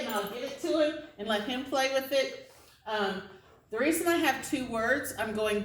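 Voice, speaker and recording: A woman dog trainer in a casual, chatty way, explaining how to start a tug game with a dog in an instructional video, with high, excited praise for her dog during play. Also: normal speed, roomy sound, distant mic, slight background noise, rough recording. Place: indoor training space with other dogs around.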